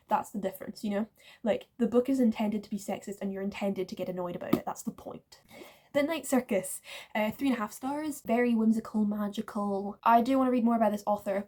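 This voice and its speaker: A woman's voice: on the high side, mellow. A woman chatting casually about books she read, rating each one and correcting herself as she goes. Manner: chatty, self-correcting, uses "like" often. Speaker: book vlogger. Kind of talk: casual book review chat.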